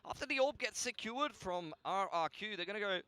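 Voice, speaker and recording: A man calling a live esports match with steady, analytical play-by-play commentary. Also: high-pitched, a little fast. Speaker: esports caster. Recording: broadcast feed with loud arena crowd. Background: arena crowd.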